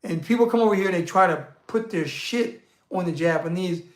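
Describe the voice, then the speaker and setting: A man hosting a casual monologue, answering viewer questions in a blunt, profane, rambling and animated rant. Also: high-pitched, a little fast. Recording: roomy echo.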